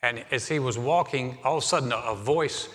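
A middle-aged male pastor delivers a live sermon in a church, his bright voice ringing out with a long hall reverb. He tells stories in a relaxed, conversational manner and often restarts his phrases mid-thought. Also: mid-range voice, a little fast. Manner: storytelling, conversational with repeated restarts. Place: church sanctuary.

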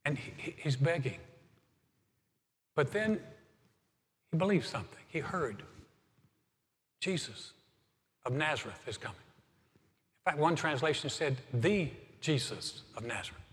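Pastor, male, slightly high voice, preaching with swelling passion, long church-hall reverb. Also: animated, a little slow, pauses often, a bit bright. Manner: preaching with rising passion, repeats words when emphatic. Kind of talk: sermon.

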